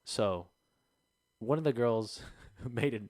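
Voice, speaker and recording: A young man hosting a podcast, telling stories in an animated way with laughter. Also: medium pitch, slow pace. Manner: animated, laughing, acts out voices. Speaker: podcast host. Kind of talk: casual storytelling chat.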